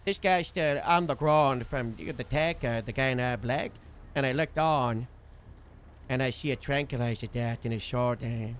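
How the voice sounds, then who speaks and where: A man casually recounting a role-play shift as a streamer, rambling with lots of fillers and animated bursts. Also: medium pitch, normal speed, slight background noise. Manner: rambling, full of "you know" and "like" fillers; animated retelling with sudden loud bursts. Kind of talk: casual storytelling recap.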